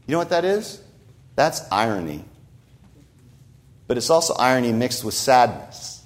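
Man, pastor, conversational sermon, animated intonation, frequent rhetorical asides. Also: mid-range voice, normal speed, pauses often.

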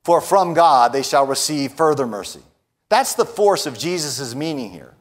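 A man with a voice on the higher side delivers a sermon. He stresses his points, drops to hushed lines, then rises to bold declarations. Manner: emphatic, often adds a tag question "right?"; moves between hushed lines and raised declarations. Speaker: preacher.

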